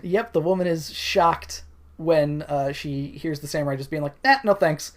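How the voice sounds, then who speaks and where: A man's voice: a little high, fairly even intonation, moderate pace. A young man co-hosting a podcast, casually recapping a film, full of fillers and chuckling as he acts out characters' lines. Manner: recaps scenes loosely, acting out the characters' lines; lots of fillers, chuckles mid-sentence. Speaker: podcast co-host. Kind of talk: casual movie discussion.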